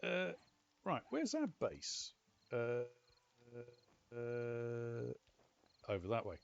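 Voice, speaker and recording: A British man casually chatting and telling stories while playing a game, animated and exclamatory. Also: mid-range voice, drawn-out words, creaky, clean tone, muffled recording. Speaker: gaming channel host. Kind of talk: casual gameplay commentary.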